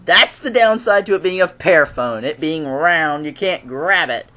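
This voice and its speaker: A fan reviewer giving a casual, chatty episode recap, often clearing the throat and acting out the characters' lines. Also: medium pitch, expressive, a little slow, bright, forceful tone. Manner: frequently clears throat and laughs.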